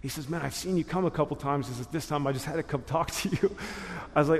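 A man's voice: on the high side, steady tone, quick pace, a little hiss or hum. A man giving a church testimony in a loose, casual storytelling way, full of slang and laughing at himself. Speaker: guest speaker sharing testimony. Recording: long hall reverb.

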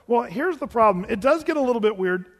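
American man, pastor, chatty sermon with asides, high voice, reverberant church. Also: expressive, fast talker. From United States. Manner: conversational preaching with asides and restarts. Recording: long hall reverb.

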